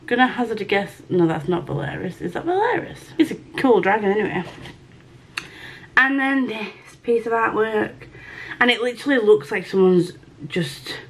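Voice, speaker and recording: A woman book vlogger chatting casually through a mail unboxing, gushing and excitable, with casual swearing. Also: mid-range voice. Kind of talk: casual unboxing and reading vlog.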